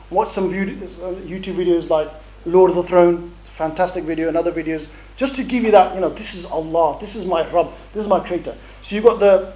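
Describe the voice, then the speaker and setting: A man's voice: high voice, a little mellow, low-quality recording. A man giving a chatty, bantering training talk to a group, telling stories and dropping Arabic phrases. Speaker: dawah instructor.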